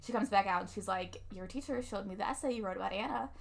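A young woman casually recapping a movie with a friend, chatty and quick to laugh as she acts out lines. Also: medium pitch, vocal fry. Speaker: podcast co-host.

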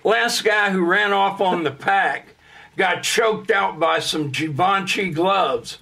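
A man playing a boastful vampire rapper in a soundboard clip, with a gravelly, slow delivery. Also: high voice, pushed and bright, exaggerated voice.

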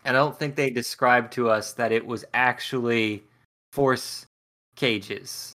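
Bright, wry man in casual chat. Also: medium pitch, fairly even intonation, takes it slowly. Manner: wry, incredulous, laughs often. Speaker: podcast co-host. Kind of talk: casual book review chat.

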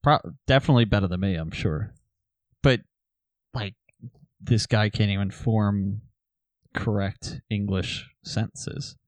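A man's voice: fairly low pitch, unhurried, dry recording. A man co-hosting a podcast in casual chat, rambling and restarting his sentences. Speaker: podcast co-host.

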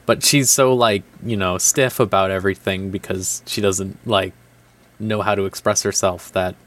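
A young man with a somewhat low voice, talking in a relaxed, unscripted podcast chat. His sentences are loose and stop-start, padded with "like" and "you know.". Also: normal speed. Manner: rambling, filler-heavy, stop-start phrasing. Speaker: podcast co-host. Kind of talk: casual chat reviewing an anime.

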